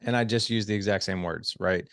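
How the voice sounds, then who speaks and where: A middle-aged man on a podcast as a guest, coaching on marriage skills in a lively conversational way and acting out quoted dialogue. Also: fairly low pitch, a little fast, slight background noise. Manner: animated, acts out quoted dialogue. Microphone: studio headset.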